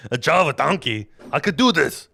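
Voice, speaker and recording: A man voicing Samson as a brash, lusty strongman in a goofy, loud storytelling voice. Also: a little high, creaky, breathy edge, voice pushed up, heavily acted.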